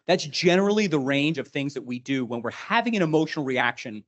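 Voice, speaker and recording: A man's voice: fairly high pitch, expressive, fast talker, lo-fi sound. A man leading a live leadership workshop, animatedly quizzing the group. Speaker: leadership trainer.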